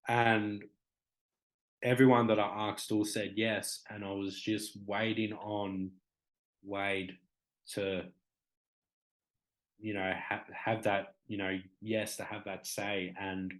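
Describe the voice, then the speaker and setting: A man's voice: lowish voice, level tone, takes it slowly. A young Australian man, a guest on a talk show, telling a story in a rambling, emotional way, full of "like" and "you know". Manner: emotional, acts out quoted exchanges. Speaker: guest, hip hop artist. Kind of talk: casual storytelling in an interview.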